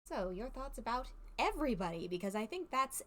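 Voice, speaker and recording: A woman's voice: fairly high pitch, big pitch swings, fairly quick. A woman playing a mystery game with a friend, chatting casually and thinking aloud as she works through suspects, with a faint hiss behind her. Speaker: player.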